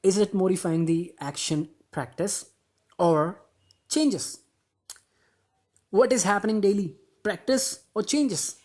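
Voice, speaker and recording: A man teaching an English grammar lesson in an upbeat way. He calls viewers guys, asks rhetorical questions, and slows down to stress words in example sentences. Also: high voice, darkish tone.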